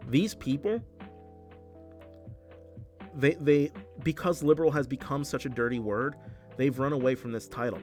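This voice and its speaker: A man ranting on a livestream at a middle pitch, heated and cursing freely, tripping over his words and restarting sentences as he argues. Faint music plays under his voice. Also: darkish tone. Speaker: political streamer. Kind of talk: livestream commentary, reading chat.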